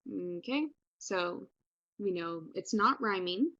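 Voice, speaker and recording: A woman's voice: mid-range voice, expressive, takes it slowly, a bit bright, dry recording, dull audio. Casual encouraging woman teacher. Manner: casual, encouraging, many fillers. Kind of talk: recorded online lesson.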